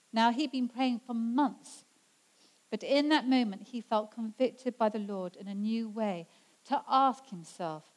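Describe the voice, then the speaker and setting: A woman's voice: a little high, a little mellow, rough recording. Earnest woman preaching a sermon. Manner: earnest, slows down for emphasis when quoting scripture.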